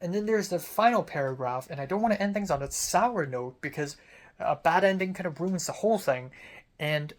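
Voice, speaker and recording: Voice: medium pitch, moderate pace. A young adult student vlogger in a casual venting monologue, rambling, self-critical and swearing freely.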